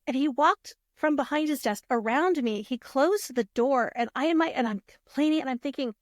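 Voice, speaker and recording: A woman guest on a podcast, telling stories in a lively, casual way, acting out what people said and swearing freely. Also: sits high, normal speed, few pauses, no room sound, studio quality. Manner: animated, acts out quoted voices, swears freely. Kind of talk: casual storytelling.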